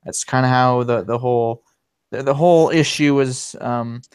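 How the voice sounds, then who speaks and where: Rambling man with a smooth voice. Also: mid-range voice, normal speed, darkish tone. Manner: rambling, many fillers and restarts. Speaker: livestream host. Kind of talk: casual livestream chat.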